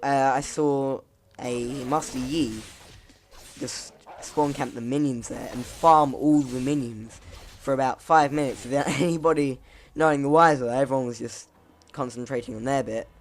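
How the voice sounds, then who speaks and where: A man's voice: medium pitch, steady tone, normal speed. A man casually commenting over his gameplay, rambling, laughing at himself, his voice cracking now and then. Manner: rambling, chuckling, self-mocking.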